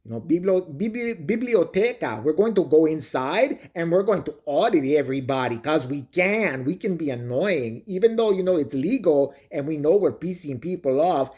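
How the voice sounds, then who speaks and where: A vlogger putting on a loud, exaggerated voice to mock a smug young male auditor. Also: mid-range voice, lively intonation, normal speed, few pauses, close to an everyday voice. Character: mocking caricature of a young male street auditor.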